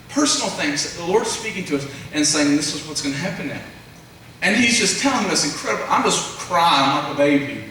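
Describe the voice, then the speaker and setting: A man preaching a revival sermon in a church, telling stories with animated energy and talking straight to the congregation. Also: medium pitch, far from the mic, a little hiss or hum. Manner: animated storytelling, addresses congregation directly. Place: church sanctuary. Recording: very echoey church sound from afar.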